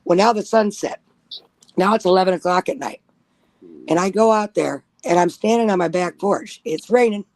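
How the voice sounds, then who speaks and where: A woman's voice: mid-range voice, normal speed, darkish tone, dry recording. Blunt, profane woman telling a story. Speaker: guest storyteller. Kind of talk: casual chat, telling a spooky personal story.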